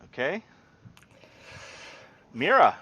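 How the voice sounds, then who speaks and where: A man's voice: a little high, sing-song, very slow, sharp tone, dull audio, a little hiss or hum. A man running a tabletop game as game master, talking hesitantly and repeating words.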